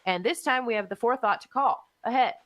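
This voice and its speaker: A woman's voice: on the high side, quick pace, fairly bright tone. Woman co-host spinning a profane, exasperated story in casual chat. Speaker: podcast co-host.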